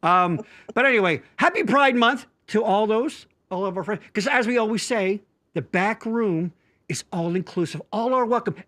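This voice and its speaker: Excitable male co-host, high and lively voice, bright tone. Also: moderate pace. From Pennsylvania. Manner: excitable, jokey, rambling. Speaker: podcast co-host. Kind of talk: casual chat show hosting.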